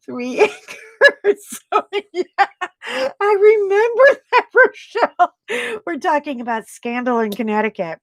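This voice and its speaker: A woman's voice: fairly high pitch, no echo. A woman hosting a live stream, chatting casually with viewers while she crafts. She rambles, laughs often and trails off mid-sentence. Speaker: livestream host.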